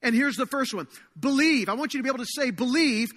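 A man preaching a sermon as pastor to his congregation, earnest and slowing down to stress key phrases. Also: extremely high pitch, sharp tone. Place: church sanctuary. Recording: long reverb of a large hall.

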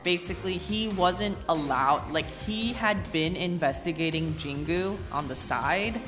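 A co-host casually recapping a video game, excitable and quick to laugh, talking with many fillers. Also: mid-range voice, in a large hall, music in the background.

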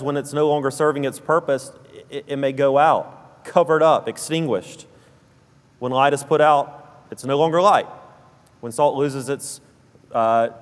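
A man with a South Alabama accent preaching a sermon, earnest and repeating key phrases for emphasis. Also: medium pitch. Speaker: pastor. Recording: long reverb of a church hall.

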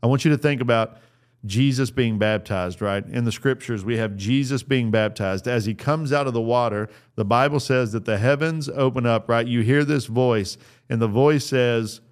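A man's voice: medium pitch, normal speed, smooth. A middle-aged man giving an earnest, sermon-style talk on fatherhood, repeating his phrases for emphasis. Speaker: speaker on fatherhood.

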